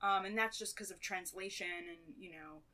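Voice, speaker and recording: Woman, playwright guest, bright tone, chatty, run-on talk, casual podcast. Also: mid-range voice, normal speed. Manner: chatty, talks in long run-on stretches.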